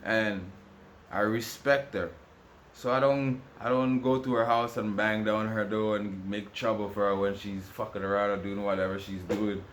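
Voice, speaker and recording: A man's voice: fairly low pitch, flat delivery, moderate pace, slight background noise. Man ranting in a rambling monologue. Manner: rambling and repetitive, with many restarts; ranting, aggrieved. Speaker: vlogger. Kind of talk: casual monologue to camera.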